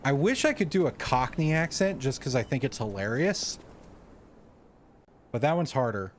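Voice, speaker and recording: A man's voice: medium pitch, very animated, moderate pace. Man, American accent, game streamer, casual, profane, reading lore aloud, faint background noise. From United States. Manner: laid-back and profane, laughing at himself.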